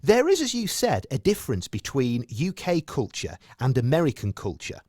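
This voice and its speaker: Lively Manchester man, dry close sound. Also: mid-range voice, moderate pace, no echo. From United Kingdom. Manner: friendly, lively, teasing with a playful sense of humor. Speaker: radio station host interviewing guests. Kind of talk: casual interview chat.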